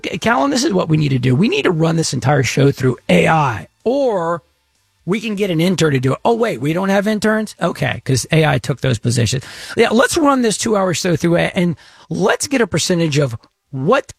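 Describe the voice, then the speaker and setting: Gravelly, animated male radio host. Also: sits high, normal speed, no echo, studio quality. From Texas. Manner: rambling, jokey, self-interrupting. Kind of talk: casual talk radio monologue.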